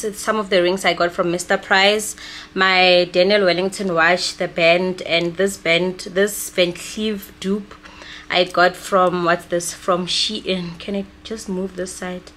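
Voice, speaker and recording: A woman's voice: lowish voice, fairly bright tone, a little hiss or hum. A young South African woman with a South African accent, chatting casually in her vlog and mixing English with her home language. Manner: chatty, switches between English and Sesotho/Setswana. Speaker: vlogger.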